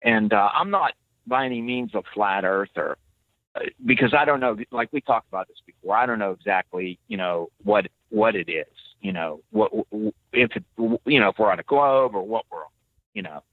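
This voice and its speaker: A man calling into a talk show, sharing his views in a halting way with many fillers. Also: lowish voice, lively intonation, no echo. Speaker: caller. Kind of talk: casual phone-in chat. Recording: tinny phone line.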